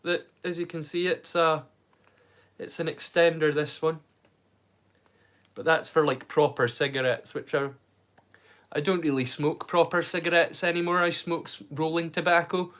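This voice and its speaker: A slightly high, somewhat bright voice belongs to this Scottish livestream host in his thirties, who speaks at a moderate pace with fairly even intonation and long pauses. He rambles casually and repeats words when starting sentences.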